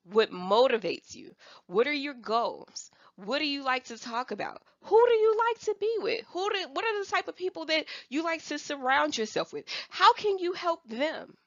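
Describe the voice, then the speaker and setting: Chatty woman with a gravelly edge. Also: high-pitched, moderate pace, no room sound, lo-fi sound. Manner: chatty and animated, often laughs, asks viewers "right?" and "okay?"; slips into playful quoted voices of other people. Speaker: Avon sales representative teaching online selling. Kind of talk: casual coaching talk to viewers.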